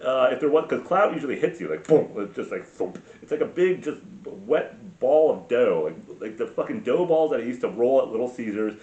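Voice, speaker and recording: Profane ranting man with lively pitch. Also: fairly quick, hardly any pauses. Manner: profane, sarcastic, heavy filler words. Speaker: podcast host. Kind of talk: crude ranting commentary. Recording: roomy, distant, dull sound.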